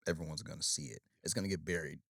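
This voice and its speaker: Fast, deep-voiced practical man. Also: steady tone, vocal fry, fairly bright tone, no echo, studio quality. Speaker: podcast co-host. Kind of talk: casual chat.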